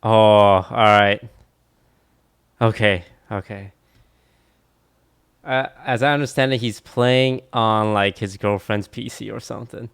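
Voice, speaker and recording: A man's voice: on the low side, steady tone, slow pace, gravelly, pauses often, a bit bright, clear, resonant tone, no echo, studio quality. A man, an esports team owner, chatting casually and matter-of-factly on a stream.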